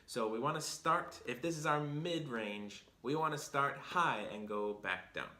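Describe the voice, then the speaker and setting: A man's voice: mid-range voice, animated, unhurried, sharp tone. A man hosting a language lesson, patiently explaining things step by step. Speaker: Chinese teacher and host. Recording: roomy echo.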